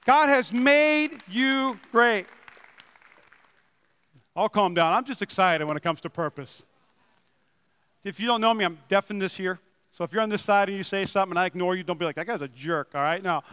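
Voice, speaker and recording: High, bright-voiced excitable preacher man. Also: quick pace, smooth, dry recording, big-room sound, some chatter behind. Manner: excitable, rising to loud emphatic bursts then easing into chatty storytelling. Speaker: pastor. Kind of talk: sermon. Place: church building. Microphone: wearing a microphone.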